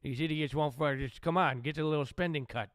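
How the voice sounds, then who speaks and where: A man's voice: a little high, fairly quick, fairly bright tone, dry recording, clean studio sound, lightly acted. A man doing a blustering, boastful old president. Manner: rambling, repetitive, profane boasting. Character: blustering older male president, boastful and crude. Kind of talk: comic impression on a live stream.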